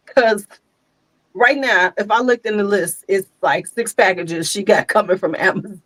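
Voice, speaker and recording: An older woman, hosting a casual chat and telling lively stories, laughing often and acting out quotes. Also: medium pitch, normal speed, dry recording. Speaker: host.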